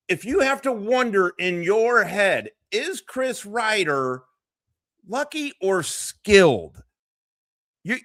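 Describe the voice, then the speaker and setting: Profane, animated male streamer. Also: high voice, creaky, no room sound, clean studio sound. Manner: profane, mocking, excitable. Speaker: live streamer host. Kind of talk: casual reaction commentary.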